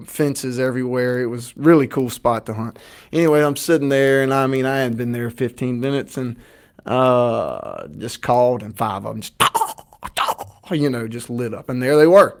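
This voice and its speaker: A man, a podcast co-host telling a long, rambling hunting story in casual chat. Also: medium pitch. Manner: animated, rambling storyteller with fillers.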